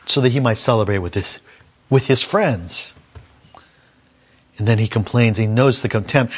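A man's voice: mid-range voice, expressive, moderate pace, breathy edge. A man preaching a sermon, reading a scripture passage and then explaining it verse by verse, sometimes raising his voice to act out the characters. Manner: acts out the complaining son in a raised voice.

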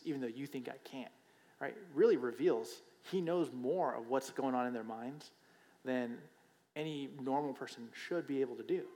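A man with a mid-range, somewhat dark voice preaches a sermon in a conversational style, frequently checking in with listeners through rhetorical questions and repeating phrases for emphasis. The recording carries a long hall reverb.

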